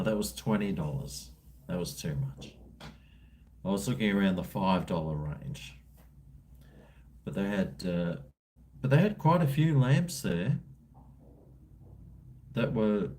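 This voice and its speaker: A middle-aged Australian man hosts a livestream, casually reading comments and chatting in a laid-back, rambling, slangy way. His drawling voice is fairly low-pitched and mellow.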